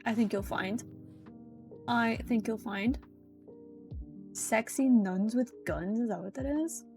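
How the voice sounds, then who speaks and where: A woman's voice: a little high, slow, gravelly, darkish tone, soft background music. A woman streamer chatting casually and playfully teasing her chat during a live stream. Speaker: VTuber streamer.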